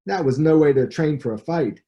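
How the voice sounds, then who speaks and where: A man's voice: a little high, normal speed, mellow, dull audio, pitched above the performer's own voice, lightly acted. A man reading as an advising veteran boxer. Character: veteran boxing champion giving advice.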